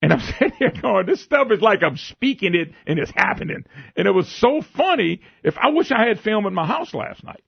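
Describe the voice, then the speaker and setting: This radio talk show host, a man with a high-pitched, gravelly, breathy voice, tells a story briskly, full of laughter and quotes he retells from himself. The studio-mic recording has no room sound but comes through as muffled radio broadcast audio.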